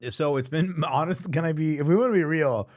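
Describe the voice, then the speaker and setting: A man's voice: a little high, quick pace. A man co-hosting a comedy podcast, telling a story casually and often laughing and acting out quoted texts. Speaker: podcast co-host.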